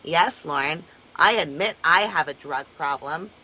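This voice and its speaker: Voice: medium pitch, measured pace, bright, forceful tone, low-quality recording. A caller taunting the other person in a heated phone argument, jeering in a sing-song, mocking way. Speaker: caller on a prank three-way call.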